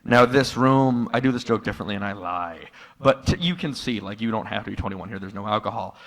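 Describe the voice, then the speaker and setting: A man doing a stand-up comedy set in a live room, telling stories in a dry tone that jumps into loud, exasperated outbursts. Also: fairly low pitch, fairly quick. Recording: live room with long hall reverb.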